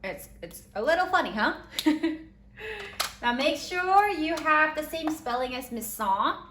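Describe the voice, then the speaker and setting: A woman teaching a third-grade spelling lesson, slowly sounding out letters and giving encouraging praise. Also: sits high, animated, pushed and bright, a little hiss or hum. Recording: echoey room with faint ambience.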